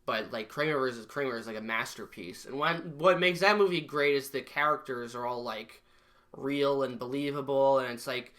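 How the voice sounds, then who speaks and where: A man's voice: medium pitch, moderate pace, a bit bright. Joking young man on a podcast. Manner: rambling, crude, joking. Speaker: podcast co-host. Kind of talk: casual comedic chat.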